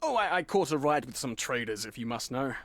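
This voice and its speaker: A man's voice: mid-range voice, sing-song, a little fast, fairly bright tone, dry recording. An actor playing a cagey, flippant young male tour guide with an Australian-sounding accent in a mystery game. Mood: evasive. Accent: Australian-sounding British attempt. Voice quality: breezy, mocking, evasive.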